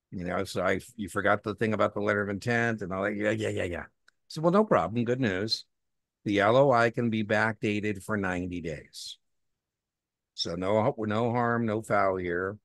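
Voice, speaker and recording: A man's voice: on the low side, no echo, clean studio sound. A man teaching an exam prep class in a conversational way, telling anecdotes and acting out the dialogue in them. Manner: animated storytelling, acts out dialogue; repeats key points for emphasis.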